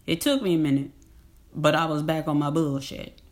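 A woman's voice: deep voice, moderate pace. A woman talking in a casual, rambling monologue. She is emphatic and slangy, laughs often, and repeats herself.

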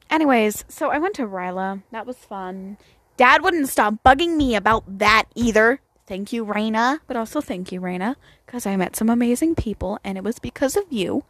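A woman's voice: mid-range voice, lively intonation, moderate pace, a bit bright, no echo. A girl in her late teens ranting casually outdoors into her phone, blunt, profane and self-mocking. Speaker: vlogger. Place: outdoors near home at sunset.

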